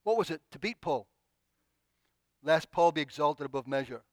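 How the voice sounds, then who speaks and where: Man, preacher, sermon, expressive, high voice, dry close sound. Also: normal speed, dry recording. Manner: expressive, acts out pleading prayers.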